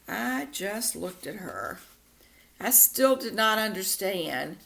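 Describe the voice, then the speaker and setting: A woman reading a children's picture book aloud, expressive and animated. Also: medium pitch, takes it slowly, creaky, background noise. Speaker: storyteller.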